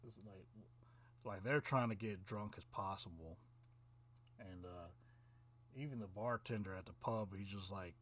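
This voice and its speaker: A man's voice: on the low side, a bit bright. A man who reviews films, recapping a movie in a rambling, casual way with lots of fillers and chuckles. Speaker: film reviewer.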